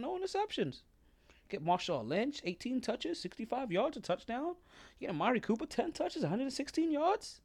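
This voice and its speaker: A man with a high, slightly mellow voice hosts a sports podcast, ranting through casual commentary. He repeats himself and rattles off stats.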